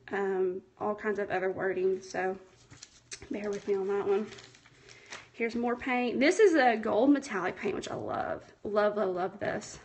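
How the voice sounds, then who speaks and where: A woman's voice: on the high side, a bit bright. A young woman, chatty and a little nervous, hosting a casual craft livestream from home and answering viewer comments. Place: home, indoors. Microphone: phone.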